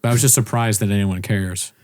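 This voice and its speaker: A man's voice: fairly low pitch, steady tone, fast talker, a little mellow, dry recording, studio quality. A man co-hosting a podcast in casual chat, jokey and laughing often. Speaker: podcast co-host.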